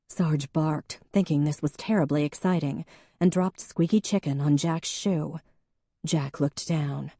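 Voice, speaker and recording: Audiobook narrator, female, low and mellow, acts out dialogue. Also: steady tone, unhurried, husky, no echo, studio quality. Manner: voices characters with rising pitch and force in heated dialogue.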